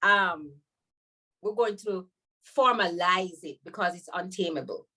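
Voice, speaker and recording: A woman with a Jamaican accent from Jamaica, a podcast guest talking in a lively way and laughing often. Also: fairly low pitch, a little slow, a little hiss or hum. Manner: animated, laughs often, slips into patois when quoting. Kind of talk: podcast conversation.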